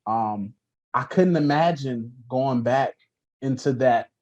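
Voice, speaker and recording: A man hosting a podcast, chatting loosely and colloquially, acting out quick bits of dialogue in his stories. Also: medium pitch, darkish tone. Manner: loose, colloquial, acts out little voices in his anecdotes. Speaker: podcast host. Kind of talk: casual interview chat. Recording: dull lo-fi audio.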